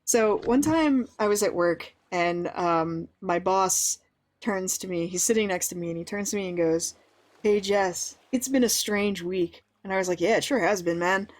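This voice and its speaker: A woman's voice: fairly low pitch, normal speed. Chatty woman thinking aloud while gaming. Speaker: streamer playing a game. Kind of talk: casual let's-play chat.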